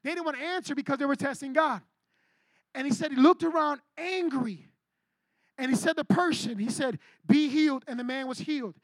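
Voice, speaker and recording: A man with a strikingly high voice preaches to a youth group in a loose, slangy way. He asks the kids questions and calls on them by name. The sound is dry, with almost no room echo. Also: brisk. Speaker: youth pastor. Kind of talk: casual sermon to youth.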